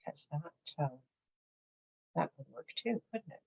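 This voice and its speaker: Speaking slowly with lively intonation, a middle-aged woman hosts a casual crafting tutorial, giggling and musing aloud as she works. Her voice is low, creaky, and slightly rough, in a dull lo-fi home recording.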